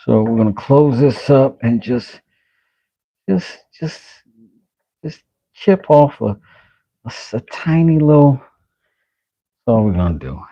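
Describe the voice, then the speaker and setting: In his workshop, a man who makes knives and hosts a channel talks playfully to the camera from behind a face mask, mumbling self-talk while he works. His mellow mid-range voice swings widely in pitch and runs a little slow, with long pauses. The dry recording of this casual vlog commentary has a dull, lo-fi quality.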